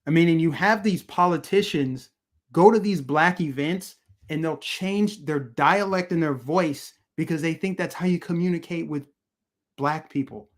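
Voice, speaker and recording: A man hosts a live-streamed political commentary show, talking to his chat in a heated, emphatic rant. He hammers his points home through repetition, and his voice sits fairly high for a man. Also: moderate pace.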